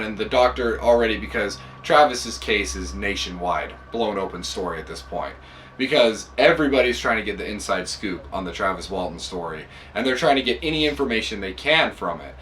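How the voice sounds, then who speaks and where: Man, podcast host, casual storytelling, animated, mid pitch, distant mic, faint hum. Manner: animated, relaxed, filler-heavy.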